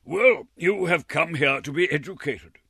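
A man voicing a pompous, fat, red-faced old gentleman presiding over a board in a storybook reading, speaking in a booming, condescending way. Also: animated, a little slow, creaky, breathy edge, dry recording, studio quality, heavily acted.

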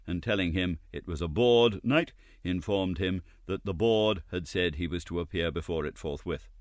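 Low, lively male audiobook narrator. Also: no room sound, studio quality.

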